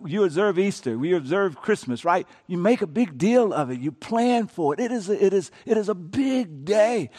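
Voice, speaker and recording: High, lively-voiced preaching man. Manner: call-and-response preaching, builds to shouting. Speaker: pastor. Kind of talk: sermon. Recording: long reverb of a large hall.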